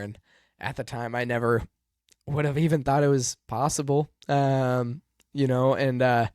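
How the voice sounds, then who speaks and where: A man hosting a podcast about his racing life, telling a personal story in a halting, earnest way with many pauses and fillers. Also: medium pitch, level tone, darkish tone, dry recording, clean studio sound. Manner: emotional, earnest. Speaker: podcast host and race car driver.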